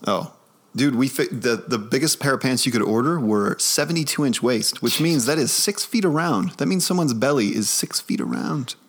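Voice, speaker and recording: Man in his 40s, average pitch, easygoing rambly podcast storyteller. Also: lively intonation, normal speed, husky. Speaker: podcast co-host. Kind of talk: casual chat.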